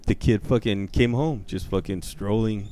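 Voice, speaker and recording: A man's voice: fairly low pitch, normal speed, dark tone, slight background noise. A man telling a long story in casual chat, swearing constantly and acting out the people he quotes. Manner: profane, slangy, acts out quoted voices.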